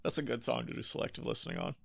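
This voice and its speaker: A man's voice: medium pitch, fairly even intonation, rapid-fire, vocal fry, fairly bright tone, highs cut off. A man co-hosting a podcast, chatting casually and animatedly as he breaks down rap lyrics, swearing freely. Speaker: podcast co-host.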